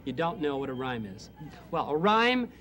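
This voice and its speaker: A man hosting a children's TV show, speaking in a gentle, soft-spoken and coaxing way. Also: on the high side, sing-song, normal speed, a little hiss or hum. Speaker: host. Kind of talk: children's TV presenting.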